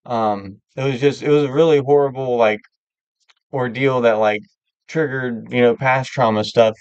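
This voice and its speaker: A man chats openly on his live stream, drifting along with lots of filler words. His voice is smooth and resonant, recorded close and dry, with a slightly dull, lo-fi sound. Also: medium pitch, fairly even intonation, normal speed, a little mellow, no echo. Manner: candid, rambling, many filler words. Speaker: livestream host. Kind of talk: casual chat.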